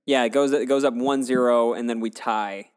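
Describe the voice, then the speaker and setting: A man's voice: medium pitch, fairly even intonation, moderate pace, clear, resonant tone. A man co-hosting a casual movie discussion, playful and teasing with jokey asides. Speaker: podcast co-host.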